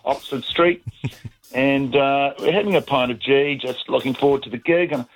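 A man's voice: medium pitch, moderate pace, low-quality recording. A middle-aged man with a New Zealand accent, calling into a radio show to tell a story, easygoing with lots of fillers and restarts. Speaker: caller. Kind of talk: casual anecdote on talk radio.

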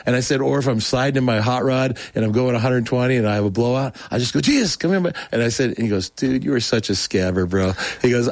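Middle-aged man, deep-ish, dry, animated storyteller who voices the people in his story. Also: dry recording. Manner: animated, acts out quotes in a raised voice. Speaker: guest telling his testimony. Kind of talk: casual storytelling.

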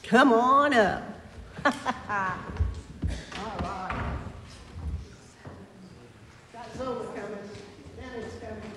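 A pastor reading scripture, then gently coaxing children with many tag questions during a children's sermon in a church. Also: mid-range voice, very slow, pauses often, background noise. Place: church sanctuary. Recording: long church reverb.

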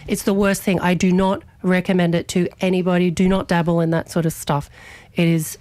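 Woman, radio host, animated storyteller, slightly low voice, dry close sound. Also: brisk, no room sound. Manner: animated, chatty, many restarts. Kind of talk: casual storytelling chat on radio.

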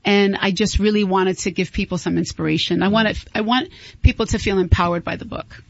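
A woman's voice: medium pitch, fairly quick, gravelly, no echo, highs cut off. A woman guest talking in an interview, earnest and heartfelt, laughing often. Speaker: guest author and singer. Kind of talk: interview conversation.

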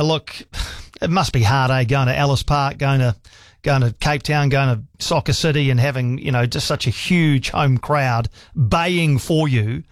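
A man's voice: mid-range voice, dry recording. A man with a New Zealand accent hosting a talkback radio show, chatting casually with callers and reading out listener emails. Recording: dry studio sound with faint music.

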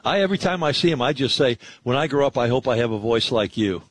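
A man's voice: mid-range voice, expressive, fast, slightly rough. A man hosting sports radio, chatting in a friendly, rambling way about the local games. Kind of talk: casual sports radio talk.

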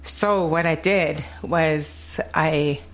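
A woman's voice: low-pitched, extremely slow, soft background music. A young woman with a Kwakwala-influenced English accent, chatting casually and laughing often as she tells stories. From Alert Bay, Canada. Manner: laughs often, animated storytelling. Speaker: guest. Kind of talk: casual chat.

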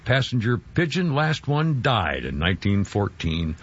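Male talk-radio host, husky, raised pitch, rambling and halting, muffled broadcast sound. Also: big pitch swings. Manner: rambling, halting, full of fillers.

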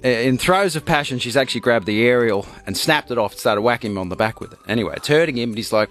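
A man co-hosting a morning radio show in easygoing banter. He rambles through a story, pausing on fillers as he goes. His pitch sits in an ordinary middle range. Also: expressive, fairly bright tone. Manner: rambling joke-telling with fillers. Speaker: radio co-host. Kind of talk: casual breakfast radio banter.

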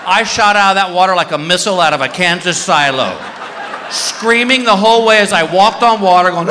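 A man's voice: high-pitched, a little fast, noisy background. A man doing stand-up storytelling on stage, acting out his own shrieks and the voices of the people around him. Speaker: stand-up comedian. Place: large hall on stage. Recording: echoey hall reverb.

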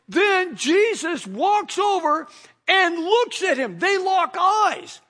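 A man's voice: very high voice, animated, takes it slowly, pushed and bright. A male pastor preaching, telling the story with energy and asking his listeners rhetorical questions. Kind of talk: sermon.

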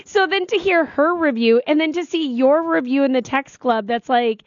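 A woman's voice: sits high, normal speed, few pauses, dry recording, highs cut off. A woman, co-hosting a radio show in casual, giggly chat. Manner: giggly, chatty, animated. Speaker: radio co-host.

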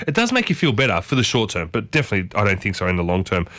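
Chatty man with a bright, dry voice. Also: fairly low pitch, wildly swooping pitch, rapid-fire, no room sound. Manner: chatty, asks the audience many questions. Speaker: host. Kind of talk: casual talk to listeners.

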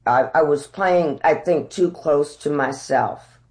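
A middle-aged actress telling candid stories about auditions, unhurried and reflective, growing animated as she retells them. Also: deep voice. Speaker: actress guest. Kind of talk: candid conversational storytelling.

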